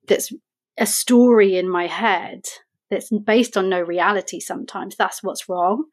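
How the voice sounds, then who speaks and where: A woman's voice: medium pitch, a little slow. A woman talking through emotional habits in a casual conversation, reflective and explaining with examples. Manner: reflective, explains with examples and quoted self-talk. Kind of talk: casual podcast chat.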